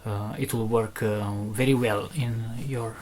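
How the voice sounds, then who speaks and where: A fairly low, fairly even, darkish male voice, a little slow and with a little hiss or hum, explains speaker tech. He is a loudspeaker maker casually demonstrating a driver, hesitant and full of fillers and restarts, going step by step.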